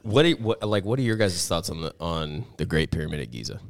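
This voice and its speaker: A man's voice: low voice, big pitch swings, fast, vocal fry, dry recording, studio quality. A man hosting a casual podcast chat in a garage, laughing often and steering the topics. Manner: laughing, leads topics, swears freely. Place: home garage.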